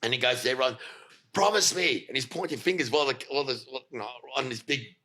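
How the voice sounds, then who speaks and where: A man telling a story as a podcast guest, animated, swearing freely and acting out what others said. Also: mid-range voice, racing. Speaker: guest, fight coach.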